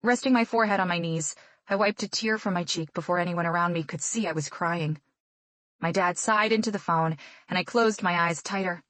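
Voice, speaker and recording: A woman's voice: lowish voice, brisk, a bit bright, no room sound. A woman narrating a romance audiobook in first person with an intimate, reflective manner.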